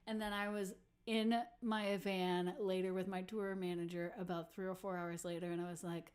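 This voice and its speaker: A woman's voice: fairly low pitch, little pitch movement, normal speed, a little mellow. A woman musician hosting a casual livestream, chatting with viewers in a self-deprecating way and laughing often. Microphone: computer or phone mic on a livestream.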